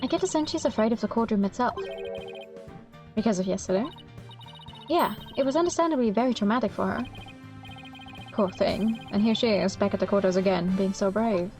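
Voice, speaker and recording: A woman's voice: medium pitch, fairly quick, pauses often, darkish tone, soft background music. Playful woman reading game dialogue. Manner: playful, amused commentary. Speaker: streamer playing a visual novel.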